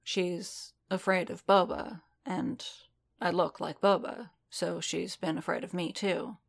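A woman voicing a gruff, guarded male bounty hunter who speaks tersely and quietly. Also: lowish voice, fairly even intonation, slow pace, exaggerated voice.

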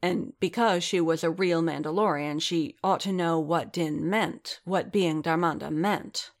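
A woman narrates a story aloud in an even, steady way. Her voice is low and carries a gravelly texture throughout. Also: a little slow. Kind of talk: fan fiction reading aloud.

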